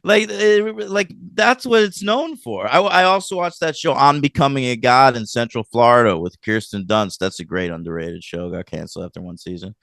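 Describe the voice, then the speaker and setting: A man co-hosting a casual film review podcast, rambling and animated as he retells scenes, with lots of fillers. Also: medium pitch, normal speed, creaky, hardly any pauses, no echo, clean studio sound. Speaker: podcast co-host.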